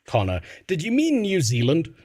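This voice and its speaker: Brief: male streamer, crude, laughs a lot, very lively pitch. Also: normal speed, dry recording, studio quality. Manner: crude, joking, laughs often, stammers. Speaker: streamer reacting to a video. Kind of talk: casual stream commentary.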